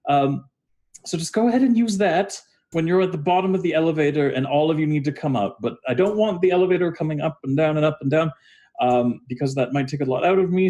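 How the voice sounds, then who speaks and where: Guy doing a nervous queasy wizard-ish stone singer, way higher than his own voice, lots of ums. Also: warm tone, natural voice. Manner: halting, flustered, full of ums.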